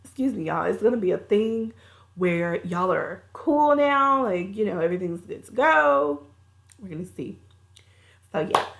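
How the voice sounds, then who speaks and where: A woman's voice: medium pitch, animated, measured pace, creaky. A woman reviewing a movie, recapping the plot in a chatty, colloquial storytelling way.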